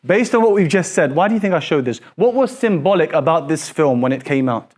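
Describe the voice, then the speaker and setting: Guy teaching a class, higher voice, keeps firing questions at the room, lively. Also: a little fast. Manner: animated, questioning, repeats phrases.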